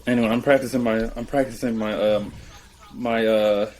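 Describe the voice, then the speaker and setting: A man's voice: medium pitch, fairly even intonation, moderate pace, darkish tone, slight background noise. A man co-hosting a podcast in casual chat, laid-back and joking. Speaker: podcast co-host.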